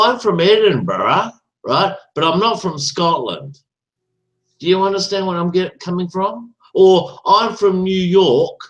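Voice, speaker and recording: A high-voiced man calls in to an online talk show in a casual chat, ranting and swearing and tagging "right?" onto his points. The recording quality is low.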